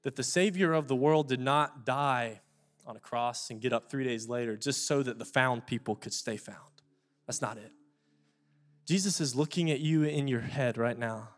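A man's voice: mid-range voice, moderate pace. A young adult man preaching a sermon with an altar call, earnest and pleading, repeating words for emphasis. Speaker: pastor.

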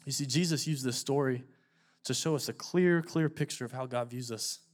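A man's voice: mid-range voice, moderate pace, faint music behind. A young adult man preaching a sermon with an altar call, earnest and pleading, repeating words for emphasis. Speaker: pastor.

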